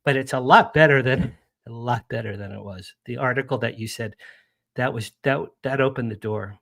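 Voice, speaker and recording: A man's voice: mid-range voice, moderate pace, creaky, a bit bright, no echo. A talkative man chats eagerly as a radio guest in a middle register. He rambles and restarts his sentences, and his voice is dry and close. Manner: chatty, enthusiastic, rambling with restarts. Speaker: guest, publicist. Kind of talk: casual radio interview chat.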